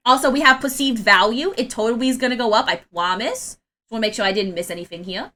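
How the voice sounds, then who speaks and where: An excitable woman streamer chatting casually to her viewers. She rambles through restarts and breaks into laughter and shrieks. Her voice is high, bright and a little tense. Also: fairly quick. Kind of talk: casual live-stream chat.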